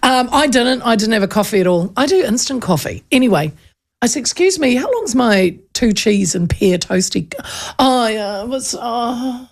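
Casting: New Zealand woman, radio host, gravelly edge, animated storyteller who does voices. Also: a little high, normal speed. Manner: lively, animated, acts out voices in anecdotes.

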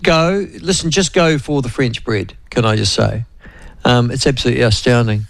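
A man's voice: mid-range voice, moderate pace, gravelly, no echo, low-quality recording. A man with a New Zealand accent hosting a radio show in a rambling, chatty, digressive way. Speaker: radio host. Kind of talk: casual radio chat.

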